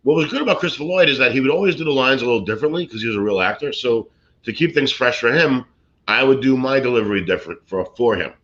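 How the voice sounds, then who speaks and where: A man's voice: medium pitch, quick pace, fairly bright tone. A man, an actor and comedian from Brooklyn, telling rambling showbiz stories in casual chat with many fillers and restarts. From Brooklyn, USA. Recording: dull lo-fi sound.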